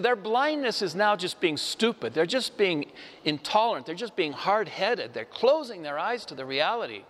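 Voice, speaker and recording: A man giving a Sunday homily, retelling a story with lively, acted-out voices and frequent laughs. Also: high voice, big-room sound. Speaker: preacher. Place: church.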